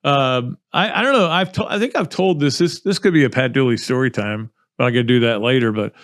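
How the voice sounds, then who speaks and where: A man's voice: medium pitch, brisk, a bit bright. A male podcast host with an easy, rambling delivery. He chats with a guest and drifts into self-deprecating stories, talking in a loose, conversational way. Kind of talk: casual chat and storytelling.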